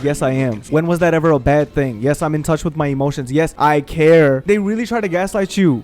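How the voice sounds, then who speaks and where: Over gameplay, a male gaming streamer vents with animated emphasis and lots of profanity. His voice is fairly high and brisk, with faint music in the background.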